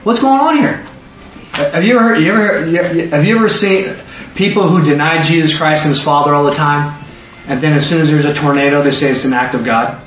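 Man preaching a Bible study, high voice, quizzes the room, echoey dull recording from far off. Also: fairly bright tone, a little hiss or hum. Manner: quizzes listeners with rapid questions. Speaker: Bible teacher. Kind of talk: interactive Bible study sermon.

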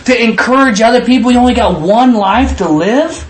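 A middle-aged man preaches in a loose, conversational way, weaving personal stories into his sermon. His voice sits fairly high for a man. He talks with animation and slips into little acted quotes. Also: moderate pace, rough recording. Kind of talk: storytelling sermon.

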